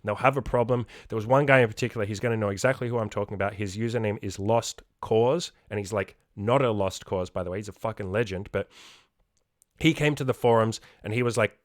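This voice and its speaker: A man's voice: fairly low pitch, fast, no room sound, studio quality. A young man coaching in a podcast monologue, blunt and emphatic, swearing freely. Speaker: self-improvement coach.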